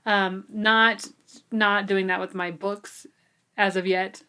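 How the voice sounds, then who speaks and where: A woman's voice: mid-range voice, little pitch movement, slow, bright, forceful tone, clean tone. A woman co-hosting a book podcast in casual chat, chatty and giggly with lots of ums. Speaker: podcast co-host.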